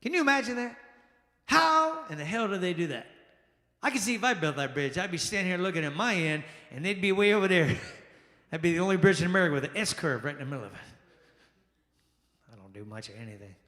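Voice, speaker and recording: A male stand-up comedian performing a lively set, exclaiming and acting out the people in his stories. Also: sits high, fast talker, pauses often. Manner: animated, exclamatory, acts out quoted people. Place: jazz lounge stage. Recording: echoey lounge with long reverb.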